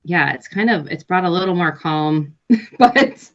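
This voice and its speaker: Low-voiced woman on dull remote audio. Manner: relaxed, laughs often, thoughtful with pauses. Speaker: guest, nurse and health coach. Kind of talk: casual interview chat.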